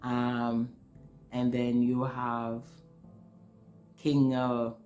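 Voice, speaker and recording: Emotional spiritual testimony, earnest speaker, repeats words, mid-pitched voice, faint music behind. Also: completely flat delivery, extremely slow, darkish tone. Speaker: spiritual storyteller.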